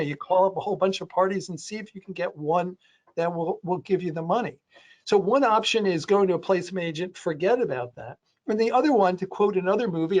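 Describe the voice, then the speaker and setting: High-voiced guy rambling on a panel, lots of um and you know. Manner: rambling, many restarts and fillers; does playful voices for quotes. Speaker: panelist on a real estate crowdfunding webinar. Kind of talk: conversational panel talk.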